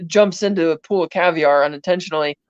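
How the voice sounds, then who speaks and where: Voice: mid-range voice, fast, smooth, no echo, lo-fi sound. A podcast co-host casually recapping a film scene by scene, in a chatty, rambling way full of "he's like" asides. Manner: rambling, chatty retelling with many "he's like" quotes.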